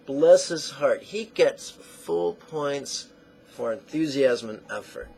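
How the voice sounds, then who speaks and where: A man teaching a guided meditation lesson in slow, deliberate phrases that trail off into soft near-whispers. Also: mid-range voice, expressive, creaky, breathy edge, low-quality recording.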